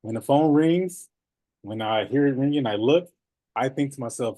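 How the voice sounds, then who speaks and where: A man coaching notaries in a casual, animated talk, laughing often and repeating phrases. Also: mid-range voice, measured pace, pauses often, dry recording.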